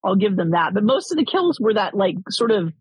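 A woman's voice: mid-range voice, big pitch swings, brisk, a little mellow, slightly rough, no echo, rough recording. A woman co-hosting a casual film-review chat, rambling and swearing, with lots of fillers. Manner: rambling, profane, many fillers.

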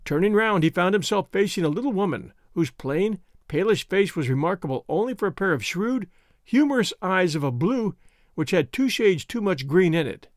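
A man narrating a classic story in a measured, expressive storytelling manner. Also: high-pitched, dry recording, clean studio sound. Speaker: audiobook narrator.

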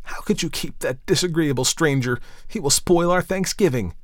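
A spirited young woman, easily flustered and quick to plead, her voice lifted high above the reader's own, acted by a man. The recording is dry and close, with no room sound. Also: animated, no echo. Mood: dismayed. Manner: pleading, high-strung and tearful.

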